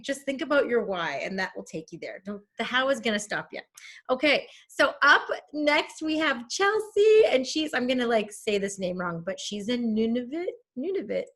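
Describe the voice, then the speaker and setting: A woman's voice: a little high, fairly bright tone. A woman hosting a group call, gushing and enthusiastic as she introduces the next speaker. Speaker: call host. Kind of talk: casual chat.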